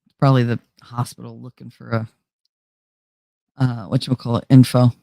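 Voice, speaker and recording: A woman's voice: a bass voice, brisk, vocal fry, dry recording, clean studio sound. A woman hosting her own show, chattily retelling a story and quoting what was said, while feeling unwell. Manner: chatty, animated retelling with quoted dialogue. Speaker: host. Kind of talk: casual storytelling chat.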